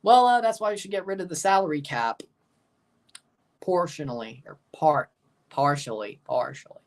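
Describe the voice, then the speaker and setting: A man's voice: fairly high pitch, animated, moderate pace. A man hosting a live match watchalong, chatting casually and answering viewer comments as he reads them. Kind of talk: casual live reaction chat.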